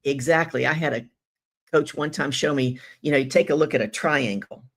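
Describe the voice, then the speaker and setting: In a deep voice at a moderate pace, a woman hosts a live business-coaching show. She warmly greets viewers, reads their comments in an animated, effusive manner, and poses rhetorical questions.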